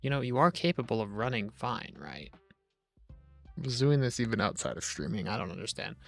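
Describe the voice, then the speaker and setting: A young man talks through a live game stream in a loose, chatty, self-joking way. His mid-pitched voice has a lot of vocal fry in it. Faint game music sits quietly behind his desk-mic sound. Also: big pitch swings, a little fast. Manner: rambling, chatty, jokey, talks to chat. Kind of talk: casual gameplay commentary on a live stream.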